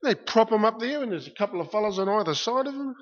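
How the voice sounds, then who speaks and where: A man preaching a sermon with passion, dropping to a hush and then rising loud, repeating his phrases for weight. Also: sits high, animated, fast. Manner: impassioned, swings from hushed to loud, repeats phrases. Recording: muffled lo-fi recording.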